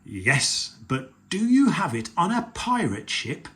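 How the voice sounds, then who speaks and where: A man's voice: on the high side, wildly swooping pitch, slow pace, bright, forceful tone, pitched above the performer's own voice, heavily acted. A man voicing a jolly, playful father pig in a read-aloud storybook, hearty and showy. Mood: cheerful.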